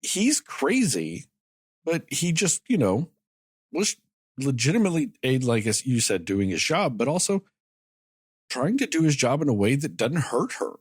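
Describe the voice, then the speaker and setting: A man's voice: mid-range voice, sing-song, moderate pace, husky, no room sound, studio quality. A man co-hosting a movie review podcast, talking casually and animatedly, swearing freely and acting out characters' lines. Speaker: podcast co-host.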